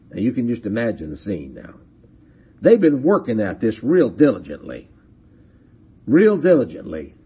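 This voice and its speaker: Animated preacher man reading scripture. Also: on the high side, husky, lo-fi sound. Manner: animated, reading aloud with big swings in emphasis.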